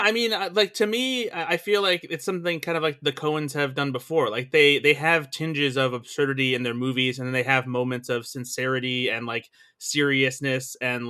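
A man's voice: mid-range voice, pushed and bright. A man joining a casual film podcast, repeating words and adding likes as he talks. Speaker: podcast guest, film editor.

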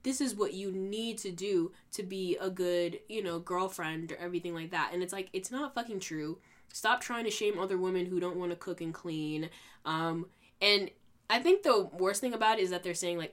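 A young woman hosting a podcast, ranting heatedly and sarcastically, swearing freely. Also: moderate pace. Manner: heated, sarcastic, swears freely, mocks others in high put-on voices. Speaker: podcast host. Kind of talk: casual ranting podcast monologue.

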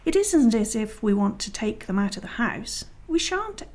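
A woman's voice: fairly high pitch, big pitch swings, normal speed, a little mellow. A woman voicing a sensible, practical older sister who speaks in a prim, well-spoken way. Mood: reasoning.

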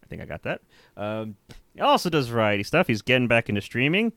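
A man's voice: medium pitch, big pitch swings, quick pace, a bit bright, no room sound. Laughing, swearing young man co-hosting a podcast. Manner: swears freely, laughs often, rambling. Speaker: podcast co-host. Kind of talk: casual chat.

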